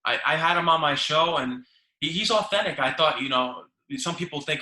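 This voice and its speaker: Bright-voiced eager male host, roomy sound. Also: a little high. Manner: eager, agreeable, quick interjections. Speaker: podcast host. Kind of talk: casual interview chat. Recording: roomy echo.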